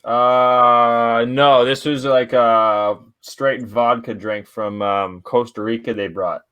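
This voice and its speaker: A man's voice: medium pitch, steady tone, slow, bright, forceful tone, smooth. A man from Canada hosting a podcast, chatting casually with lots of swearing and laughter. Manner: laid-back, profane, laughs often. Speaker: podcast host. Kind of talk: casual chat.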